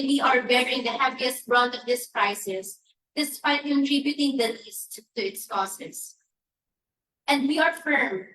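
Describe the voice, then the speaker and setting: A woman's voice: high-pitched, bright, forceful tone, slight background noise. A woman from the Philippines reading an emphatic prepared statement at a press briefing, speaking as a church advocate. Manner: emphatic, deliberate, listing demands. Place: conference press room. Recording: echoey room, from a distance.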